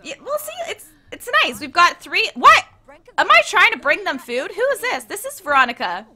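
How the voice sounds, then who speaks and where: A woman's voice: very high voice, sing-song, brisk, bright, forceful tone. A young woman giving chatty, playful commentary on her gameplay and talking to the characters on screen. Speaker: let's play host.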